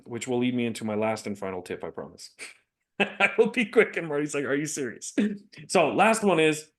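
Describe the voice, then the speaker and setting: A chatty man co-hosting a business podcast, with a voice of ordinary middle pitch. He talks casually, tells stories and laughs often as he goes. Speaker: podcast co-host.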